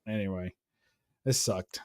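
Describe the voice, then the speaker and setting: A man's voice: low-pitched, steady tone, a little slow, mellow, no echo, studio quality. Profane man telling a heated story. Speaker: host. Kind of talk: casual chat.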